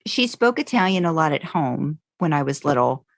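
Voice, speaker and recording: Woman, American accent, low pitch, rambling podcast chat, halting, dry sound. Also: very animated, vocal fry, no echo. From United States. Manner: scattered, halting, many restarts and fillers. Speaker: podcast co-host. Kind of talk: casual chat between podcast co-hosts.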